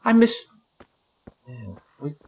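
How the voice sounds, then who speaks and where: This man takes it slowly, his slightly rough voice swinging widely in pitch as he streams a game live. He chats casually, swears and jokes, and his yelps climb high in tense fights.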